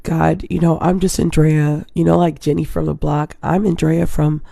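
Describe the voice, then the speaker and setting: A woman's voice: low-pitched, little pitch movement, normal speed, creaky, warm tone, no room sound, clean studio sound. A woman in her thirties from Hawaii, hosting a casual live stream and rambling to her viewers. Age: 30s. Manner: rambling, chatty, keeps addressing viewers.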